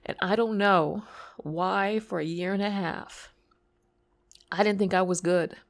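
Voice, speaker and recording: In a mid-range, steady voice, a woman with a lisp recounts something personal at a measured pace. The telling is intimate and tearful, dropping to whispers and rising in sudden louder bursts.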